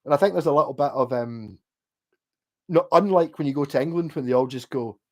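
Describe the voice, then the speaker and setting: Talking a little fast in a mid-range voice, this fortysomething Scot hosts a casual livestream chat. He rambles and swears through his stories, often letting sentences trail away.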